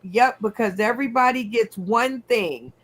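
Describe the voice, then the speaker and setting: Woman host, slow easy delivery, a bit high, playful, video call mic. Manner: unhurried, playful, recapping everyone's picks. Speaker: game show host. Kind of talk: hosting a comedy game show.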